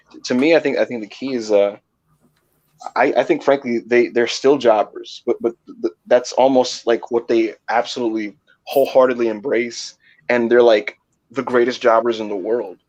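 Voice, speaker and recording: A man's voice: mid-range voice, fairly even intonation, moderate pace, a little mellow. A man co-hosting a podcast in casual chat, often stammering and repeating words as he starts a thought. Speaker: podcast co-host. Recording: slightly dull lo-fi mic.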